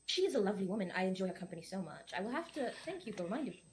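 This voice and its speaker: A woman's voice: mid-range voice, sing-song, racing, noisy background. Gracious woman role-playing a noble hostess. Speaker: player. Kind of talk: playing a noble lady in a tabletop game.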